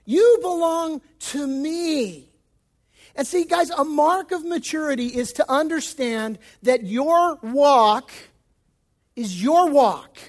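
A male pastor giving a sermon in an emphatic, folksy style with casual slang, moving between loud stresses and hushed passages. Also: extremely high pitch, lively intonation, slow pace.

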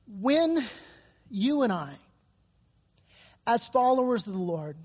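A man's voice: very high-pitched, sing-song, slow, big-room sound. A man pastor giving a sermon, retelling scripture in casual, slangy storytelling.

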